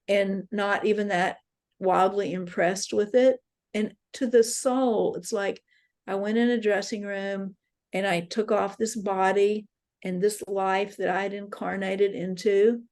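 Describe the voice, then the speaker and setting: A slightly mellow, mid-range female voice carries this spoken workshop talk. Leading a dream session at an interfaith center, she reflects earnestly on personal dream stories.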